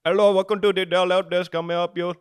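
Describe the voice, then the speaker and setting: A man's voice: high-pitched, flat delivery, quick pace, clear, resonant tone, pitched above the performer's own voice, lightly acted. A man voicing a cheery male help desk clerk with an Indian accent, in a sing-song customer-service manner. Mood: chirpy.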